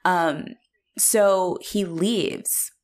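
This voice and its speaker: Young woman with a lowish voice, swearing, laughing. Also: very slow. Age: young adult. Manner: swears freely, laughs often, acts out quotes in animated voices. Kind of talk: casual chat about a film.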